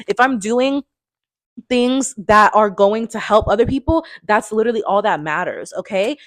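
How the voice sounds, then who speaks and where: A woman in her twenties giving an emphatic, fervent motivational talk into a phone, often tagging her points with a quick question. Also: mid-range voice, fairly bright tone, dry recording, clean studio sound. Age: 20s. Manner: emphatic and fervent, tags lines with "okay?". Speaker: motivational speaker.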